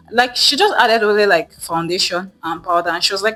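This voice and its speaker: Young woman vlogger rambling through a storytime, lots of "like", doing everyone's lines, bright sharp voice. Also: mid-range voice, fast, few pauses, soft background music, rough recording. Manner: chatty, many fillers, acts out quoted dialogue. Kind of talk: storytime vlog.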